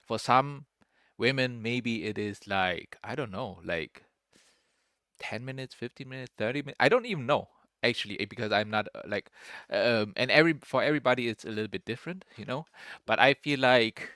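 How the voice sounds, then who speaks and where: A man's voice: medium pitch, a little fast, pushed and bright, no room sound, studio quality. A young man giving casual, rambling commentary as a streamer reacting to a clip, restarting his sentences often and calling everyone "bro". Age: young adult.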